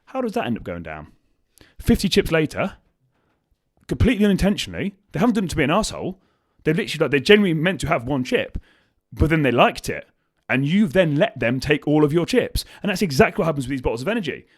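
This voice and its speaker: A man's voice: fairly high pitch, fast, dry recording. A young man hosting a podcast, talking casually and swearing freely as he gives motivational advice. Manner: swears freely, animated storytelling with acted quotes. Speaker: podcast host.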